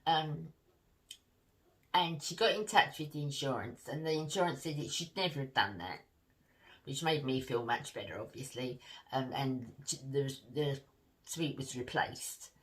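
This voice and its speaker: A woman's voice: rumbling low, a little slow. A middle-aged woman, a beauty vlogger chatting to camera and telling a story while laughing often. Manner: animated, laughs through her story, warm asides to viewers.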